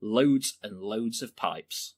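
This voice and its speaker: A man's voice: lowish voice, expressive, slow pace. A man playing an overeager, pushy home makeover TV host, with a theatrical presenter's delivery. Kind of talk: sketch comedy acting.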